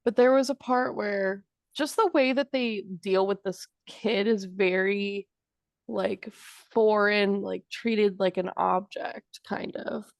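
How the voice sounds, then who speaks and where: A young woman student thinks aloud in a class discussion. She speaks slowly and searches for her words as she goes. Her voice sits in a middle range, recorded dry and close. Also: medium pitch, steady tone, gravelly, no echo.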